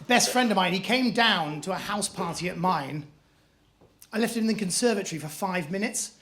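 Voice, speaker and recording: A man's voice: high voice, lively intonation, normal speed, bright, forceful tone. A man doing a stand-up comedy set on a club stage, telling self-mocking stories in a posh manner. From England. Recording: live club with audience noise.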